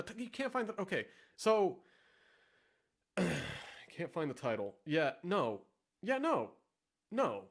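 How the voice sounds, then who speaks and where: A man giving sarcastic, profane, rambling casual commentary as the host of a vlog. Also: medium pitch. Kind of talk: casual commentary reading ads.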